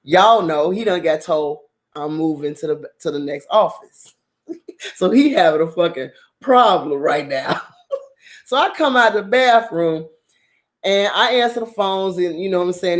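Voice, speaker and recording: A woman's voice: on the low side, measured pace. Blunt, profane woman telling a story. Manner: blunt, profane, animated, laughs often. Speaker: drama channel host. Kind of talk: casual storytelling.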